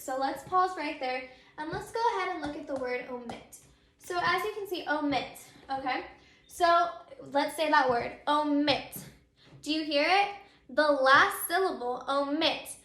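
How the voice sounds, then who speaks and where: A woman's voice: high-pitched, pushed and bright, echoey room. A woman teacher giving a grammar lesson, patiently explaining and repeating example words aloud.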